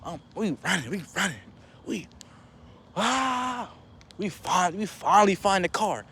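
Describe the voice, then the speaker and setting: A young man telling a casual story in a slangy, animated way, jumping into higher voices for quotes. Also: moderate pace, a little hiss or hum.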